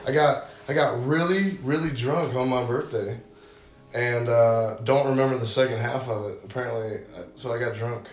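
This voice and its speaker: A man's voice: mid-range voice, steady tone, normal speed. A man in his twenties, a podcast guest telling profane, brash stories in casual chat. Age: 20s. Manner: brash, profane, tells stories with quoted voices. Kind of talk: casual storytelling. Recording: echoey room.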